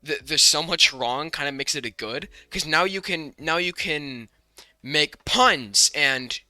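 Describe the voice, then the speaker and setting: A young American man co-hosting a podcast in casual chat, rambling with many restarts and quick bursts of speech. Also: a little high, animated, pushed and bright, no echo. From United States. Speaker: podcast co-host.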